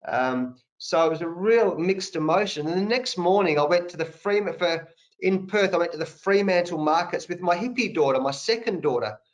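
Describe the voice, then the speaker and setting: A man in his fifties with an Australian accent and a sore throat, telling lively anecdotes full of slang as a guest on a video call. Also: high voice, moderate pace, rough recording. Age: 50s. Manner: animated anecdotes with colloquial slang. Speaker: guest, national cricket coach. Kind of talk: conversational storytelling.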